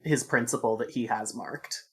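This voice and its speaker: A woman player at a tabletop game with a low-pitched voice. She chats casually and keeps an eye on the rules with quick asides. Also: a bit bright, breathy edge. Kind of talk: casual chat.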